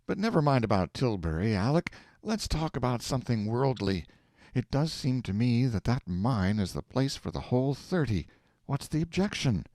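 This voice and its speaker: A man reading aloud, voicing an excitable husband who talks in an eager, folksy, impatient way. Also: mid-range voice, moderate pace, no echo, studio quality, voice pushed up, natural voice. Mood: casual.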